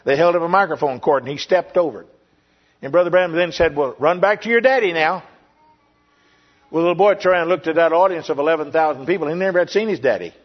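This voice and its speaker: An older man, preaching and telling a personal testimony as a pastor, earnest and repetitive with pauses. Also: fairly high pitch. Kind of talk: sermon testimony. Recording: lo-fi dull recording.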